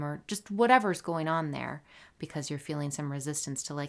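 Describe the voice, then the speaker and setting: A woman with a low, deep-set voice hosting a solo podcast in casual talk. She is animated and playful and drops into soft, whispery asides. She often slips into silly voices. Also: brisk, creaky. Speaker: podcast host.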